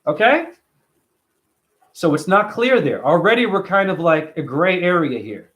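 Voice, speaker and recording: High-voiced, emphatic man vlogging. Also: measured pace. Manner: emphatic and animated, with casual swearing. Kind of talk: casual vlog monologue.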